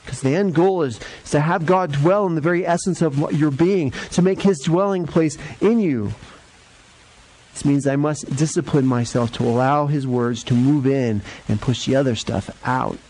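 A pastor with a somewhat high voice delivers a relaxed, conversational sermon to his church. His pitch leaps up and drops low to stress his points. A faint hiss sits under the recording. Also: moderate pace, rough recording. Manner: conversational and lively, varies pitch for emphasis. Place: church sanctuary.

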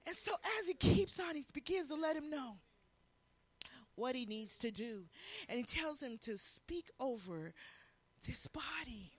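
A woman preaching a sermon with passion, swinging from loud, shouted lines to hushed ones. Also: sits high, animated, a little slow, breathy edge.

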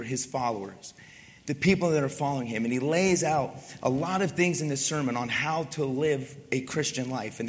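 A middle-aged man preaching a sermon as pastor, hoarse and raspy-voiced, chatty and self-deprecating. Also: medium pitch. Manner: chatty and self-deprecating, then hushed in prayer. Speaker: wrestling coach. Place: church sanctuary. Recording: long hall reverb.

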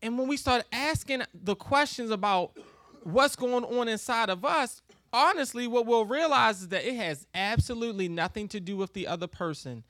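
A man preaching a sermon in a relaxed, conversational way, laughing often and acting out little quoted exchanges. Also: very high-pitched, normal speed, no room sound. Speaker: pastor.

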